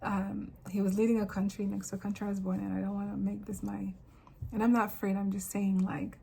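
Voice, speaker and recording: A woman from Africa talking straight to camera in a casual, animated monologue, full of rambling asides. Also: medium pitch, brisk, vocal fry, a little hiss or hum, poor audio. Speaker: vlogger.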